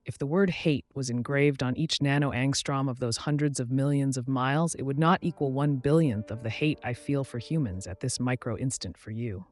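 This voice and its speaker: A man voicing a hateful male supercomputer, read in a flat, even way. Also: medium pitch, normal speed, hardly any pauses, faint music behind, lightly acted. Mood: cold hatred.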